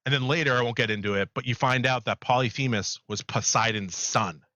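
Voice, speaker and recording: A man co-hosting a podcast, retelling a myth in a rambling, animated way. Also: mid-range voice, a little fast, no room sound. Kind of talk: casual chat, storytelling.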